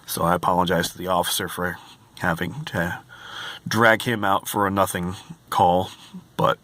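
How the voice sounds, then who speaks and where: A man's voice: deep voice, fairly even intonation, moderate pace, fairly bright tone, dry recording. A man working as a hotel night clerk rants in a vlog. He sounds exasperated, stresses his words and keeps repeating himself. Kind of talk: ranting vlog.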